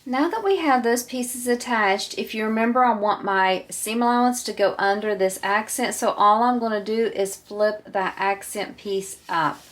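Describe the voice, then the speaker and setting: A woman teaching a step-by-step sewing tutorial, explaining each step calmly and patiently as she works. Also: mid-range voice, normal speed, few pauses. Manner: calm, patient, walks through each step. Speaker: sewing instructor.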